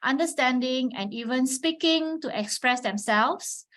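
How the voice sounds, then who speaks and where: A woman with a fairly high voice teaches over a webinar mic in a patient, methodical way. She keeps checking in with listeners and breaks into exaggerated rises and falls when she demonstrates a sound. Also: unhurried. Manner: patient teacherly explaining, frequent "all right" check-ins; models Mandarin tones with sharp pitch swings. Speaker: webinar presenter on teaching Chinese. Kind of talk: instructional webinar talk.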